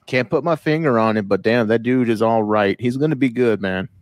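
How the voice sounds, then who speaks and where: A man on a casual wrestling podcast who rants bluntly and swears without holding back. His voice sits at a middling pitch and sounds dry and close, with almost no room around it. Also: brisk, no echo. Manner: blunt, profane ranting. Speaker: podcast co-host.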